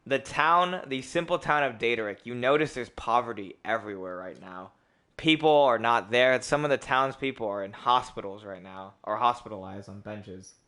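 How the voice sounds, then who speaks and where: A young man narrating as game master of a casual tabletop game, loose and rambling, often clearing his throat and laughing. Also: mid-range voice, normal speed, sharp tone.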